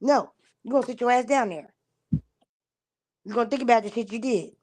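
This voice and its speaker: A woman's voice: on the high side, fairly quick, darkish tone, no echo. Blunt, profane woman, dry sound. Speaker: livestream host. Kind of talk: casual chat on a livestream.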